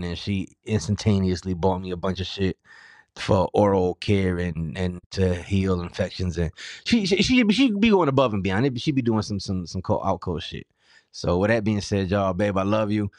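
A man's voice: low-pitched, moderate pace, no echo. A man hosting his own podcast solo, talking in a loose, profane, irritated way with a sore mouth. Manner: profane, loose and irritated, swings from muttering to loud outbursts. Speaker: podcast host. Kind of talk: casual solo podcast rant.

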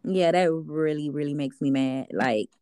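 A young woman talks casually as an interview guest, easygoing and chatty, often laughing. Her voice sits on the low side for a woman. The sound is dry and close, with no room echo. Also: unhurried, mellow, clean tone. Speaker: guest artist.

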